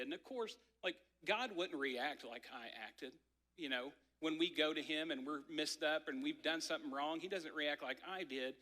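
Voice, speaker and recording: Man preaching in a church, chatty storyteller, bright ringing voice, long hall echo. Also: fairly high pitch. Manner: conversational, many "like" fillers, animated storytelling. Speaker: pastor. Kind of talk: sermon with personal story. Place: church sanctuary.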